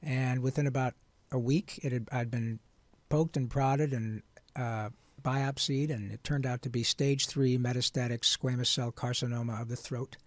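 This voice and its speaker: A man, a voice actor, telling his story in an interview in an earnest, animated and frank way. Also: medium pitch, moderate pace, dry recording. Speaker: guest voice actor.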